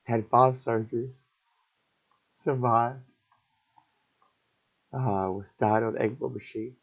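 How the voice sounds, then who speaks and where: A middle-aged man telling an emotional personal story in a halting, repetitive, raw way. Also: mid-range voice, fairly even intonation. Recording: dull lo-fi recording.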